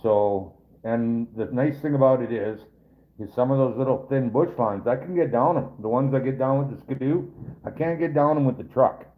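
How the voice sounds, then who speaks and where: A man with a medium-pitched voice speaks at normal speed while hosting a casual live stream as a trapper. He chats with viewers in a rambling, folksy, joking way, and the audio sounds tinny, like a phone.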